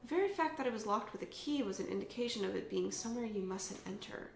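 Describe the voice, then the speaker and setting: A woman voicing an easygoing old village elder with a soft, reassuring manner. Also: mid-range voice, animated, fast talker, creaky, echoey room, faint music behind.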